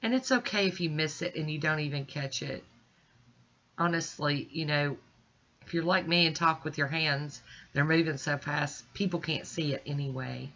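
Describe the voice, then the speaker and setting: Stuffy-nosed chatty woman, bright voice. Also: low-pitched, normal speed, muffled recording. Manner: chatty and reassuring, speaks directly to viewers. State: stuffy, congested sinuses with throat clearing. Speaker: nail art vlogger. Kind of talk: casual step-by-step tutorial narration.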